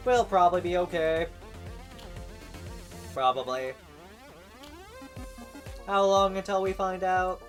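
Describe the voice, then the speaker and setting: Soft music plays behind a man with a high voice who reads slowly and pauses often while streaming a visual novel. He handles the narration and all the characters, occasionally stumbling and adding his own comments.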